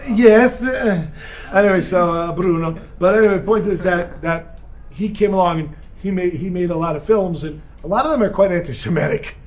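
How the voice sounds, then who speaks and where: Man, high voice, energetic rabbi, joking seminar lecture, talks with audience. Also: normal speed. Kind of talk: lively seminar talk to a live audience. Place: room with a live audience.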